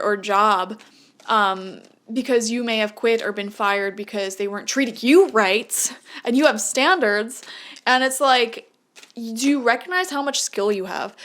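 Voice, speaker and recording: A young woman giving a casual, chatty tarot reading who laughs often and breaks into lively, high-pitched asides. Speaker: tarot reader.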